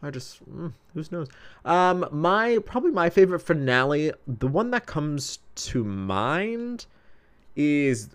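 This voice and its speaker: A man's voice: on the high side, very animated, slow, clear, resonant tone. A man co-hosting a podcast in casual chat, campy and jokey, slipping into quoted voices. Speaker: podcast co-host.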